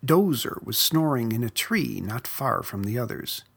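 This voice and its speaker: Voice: medium pitch, creaky, background noise. A narrator reading a children's picture book aloud. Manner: expressive, unhurried. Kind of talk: storybook read-aloud.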